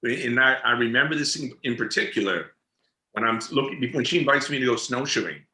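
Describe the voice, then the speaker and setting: A man, an actor and interview guest, chatting casually and telling animated stories, laughing often and repeating words as he goes. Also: mid-range voice, brisk, slight background noise. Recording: roomy echoey room sound.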